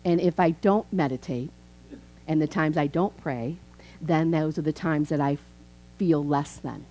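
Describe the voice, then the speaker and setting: A woman in her fifties, a minister, preaching a chatty, animated sermon in a church. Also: low-pitched, unhurried, a little hiss or hum, poor audio. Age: 50s. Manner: animated, chatty, acts out quoted voices. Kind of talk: conversational sermon.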